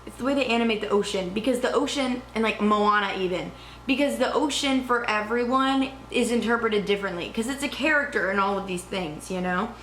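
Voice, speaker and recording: A young woman vlogging in a casual, rambling, excitable way, cursing now and then. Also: medium pitch, a little fast, echoey room, a little hiss or hum. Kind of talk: casual chat.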